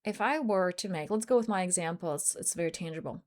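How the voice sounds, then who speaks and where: A woman's voice: on the low side, expressive, fast. A woman life coach telling a personal story in an earnest motivational talk, acting out bits of dialogue. English is not her first language.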